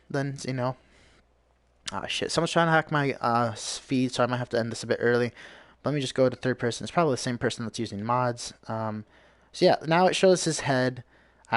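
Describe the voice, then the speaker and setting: A man streams himself playing a game and talks over it, rambling from one thing to the next and cursing freely as he rants. His voice sits at an ordinary middle pitch. The sound is dry and close, with no room echo. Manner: profane, ranting, rambling. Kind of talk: live gameplay commentary.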